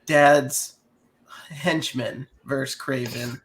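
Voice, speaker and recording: A man's voice: medium pitch, steady tone, drawn-out words, fairly bright tone. A man co-hosting a podcast, talking in rambling, hesitant casual chat. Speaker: podcast co-host.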